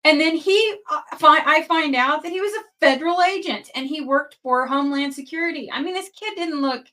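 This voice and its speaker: A middle-aged woman tells a personal story on her podcast in a chatty, animated way, full of asides and feeling. Her voice sits a little high and rings bright and forceful. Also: brisk. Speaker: podcast host.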